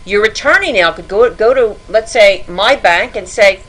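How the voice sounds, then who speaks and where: A woman's voice: a little high, very animated, moderate pace, few pauses, fairly bright tone, rough recording. A middle-aged woman talks through credit troubles on a podcast as a guest. Her delivery is earnest and cautionary, with warnings driven home and examples spelled out step by step. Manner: earnest, cautionary advice-giving. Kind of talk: podcast interview.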